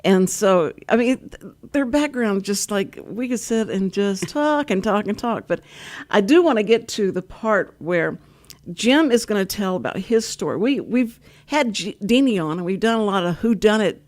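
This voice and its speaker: With a mid-range, darkish voice, an older woman from Texas talks animatedly at normal speed. Hosting a community radio talk show, she keeps the chat casual, telling stories and laughing a lot.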